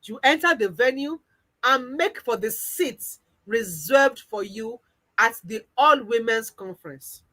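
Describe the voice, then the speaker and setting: A woman's voice: on the high side, lively intonation, measured pace, pushed and bright, low-quality recording. A woman coach with a Nigerian accent narrating a second-person guided visualization story. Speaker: weight-loss coach.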